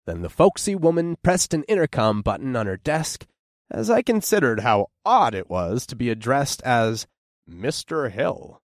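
A man reading a first-person story as an audiobook narrator, with expressive, descriptive storytelling. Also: medium pitch, measured pace, no room sound, clean studio sound.

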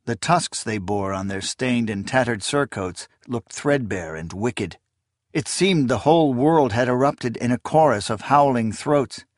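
A man narrating a dark fantasy audiobook in a measured storytelling voice. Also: medium pitch, no echo, clean studio sound.

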